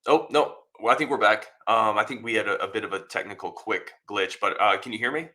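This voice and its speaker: A man's voice: lowish voice, brisk, bright, forceful tone. A man hosting a sports podcast interview over a video call, asking questions politely and thanking his guest effusively. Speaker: podcast host.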